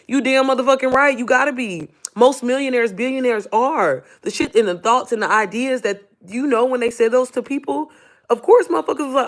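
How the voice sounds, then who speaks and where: Animated, swearing motivational woman. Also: a little high, fairly quick. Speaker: online business coach. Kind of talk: casual livestream talk.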